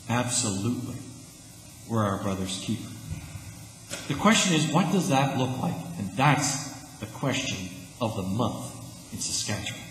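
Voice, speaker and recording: In an echoey church sanctuary with faint ambience, a pastor preaches earnestly and emphatically in an easy, conversational style. His voice is medium-pitched with lively intonation and an unhurried pace, carrying a slight hiss or hum.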